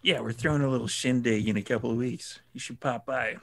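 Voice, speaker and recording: A man playing his character in a tabletop role-play, gruff, laid-back and sarcastic. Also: mid-range voice, fairly even intonation, fast, fairly bright tone. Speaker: player.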